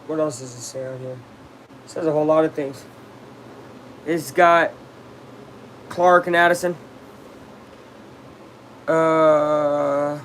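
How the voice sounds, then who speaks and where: Man live-streaming a baseball game, fairly high voice, slow unhurried delivery, loud reactions to plays, faint background noise. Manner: chatty, reacts loudly to plays, talks to chat. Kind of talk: casual live-stream commentary.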